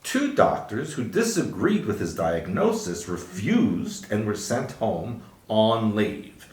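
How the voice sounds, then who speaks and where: A lower-pitched man with a lively, up-and-down delivery, co-hosting a news podcast from a roomy space with a noticeable echo. He reads headlines aloud and breaks in with wry asides. The tone stays casual and chatty. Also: takes it slowly. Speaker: podcast co-host.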